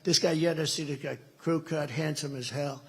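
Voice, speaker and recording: A man's voice: a little high, fairly even intonation, brisk, fairly bright tone, slight background noise. A man in his seventies with an American accent, giving a rambling, repetitive keynote speech at a party meeting. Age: 70s. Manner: rambling, repetitive, boastful asides. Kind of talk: political rally speech, anecdotal storytelling. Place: indoor event venue.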